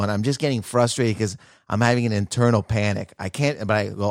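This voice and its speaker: A man's voice: fairly low pitch, a little fast, no room sound, clean studio sound. A man co-hosting a podcast, telling a story in casual chat and acting out family members' lines. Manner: animated, acts out family voices. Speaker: podcast co-host.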